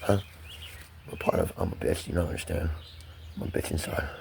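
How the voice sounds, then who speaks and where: With an animated, gravelly, low-pitched voice, an American vlogger rambles to the camera over a noisy background. He speaks rapidly under pressure and swears in nearly every sentence.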